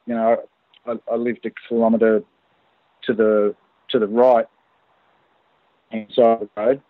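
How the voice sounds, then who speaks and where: Australian man, phone-in guest, halting storyteller full of fillers, thin phone-line sound, dry. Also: mid-range voice, no room sound. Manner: hesitant, many fillers and restarts. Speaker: guest recounting an encounter. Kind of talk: casual phone interview storytelling. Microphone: phone call.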